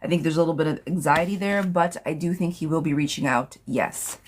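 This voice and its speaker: A woman's voice: deep voice, fairly quick, a little hiss or hum. A woman doing live tarot readings, reading viewer questions aloud and answering them in a blunt, chatty way. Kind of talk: casual live-stream chat.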